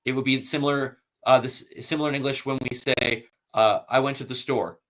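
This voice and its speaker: A man of ordinary mid-range pitch hosts a casual scholarly talk. He explains step by step, pausing on "uh" and checking in with "right?". He also reads passages aloud from his sources. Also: fairly even intonation, fairly bright tone. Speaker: host.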